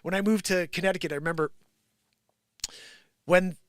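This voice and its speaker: Middle-aged male host, New Jersey accent, bright forceful tone, dry close sound, animated storyteller. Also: sits high, moderate pace, clear, resonant tone, no echo. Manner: animated storytelling, acts out quoted voices, swings from loud to hushed. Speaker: live show host. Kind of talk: casual livestream monologue.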